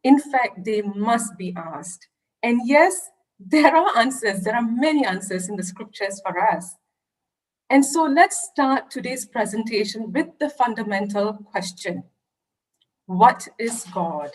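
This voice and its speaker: A woman's voice: a little high, lively intonation, a little slow, low-quality recording. A woman giving an earnest, explanatory online lecture over a video call. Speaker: religious education presenter.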